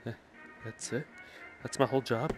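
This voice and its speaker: A man's voice: mid-range voice, normal speed, music in the background. A man giving casual gameplay commentary, joking, swearing and laughing a lot. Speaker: gamer.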